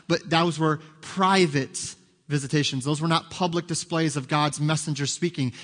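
A pastor preaching to his congregation in a somewhat high voice. He drops soft and low for quiet asides, then builds loud and high at the peaks. His words ring out with a long reverb in the sanctuary. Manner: emphatic preaching, rising loud and high at climaxes, dropping soft for quotes. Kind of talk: sermon.

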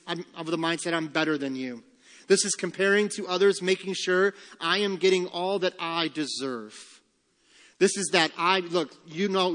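Pastor guy preaching, kinda high voice, long echo off the church walls. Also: fairly bright tone. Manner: emphatic preaching, slowing and rising on key phrases. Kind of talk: sermon. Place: church sanctuary. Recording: long church hall reverb.

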